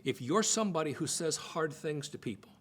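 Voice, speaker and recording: A middle-aged man teaching on marriage in a conversational preaching style, stressing points by repeating phrases and jumping in pitch. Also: fairly quick, slightly rough. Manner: emphatic, repeats phrases for stress, jumps to high excited pitch. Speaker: Bible teacher.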